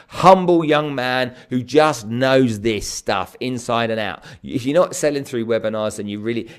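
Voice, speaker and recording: An energetic man, hosting a live stream to viewers and often checking in with "okay?". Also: fairly high pitch. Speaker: host.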